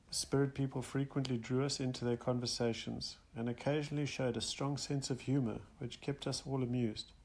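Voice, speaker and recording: A man reads a first-person account aloud in a steady, measured way. His voice has a gravelly, creaky texture at a middle pitch. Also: slight background noise. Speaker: audiobook narrator. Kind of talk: first-person nonfiction audiobook reading.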